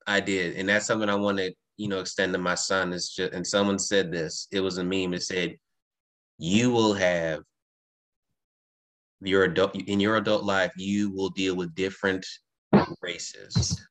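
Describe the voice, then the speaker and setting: A woman's voice: a bass voice, level tone, normal speed. A woman hosting a podcast interview, speaking emphatically and giving frequent affirmations. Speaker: podcast host. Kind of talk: casual interview conversation.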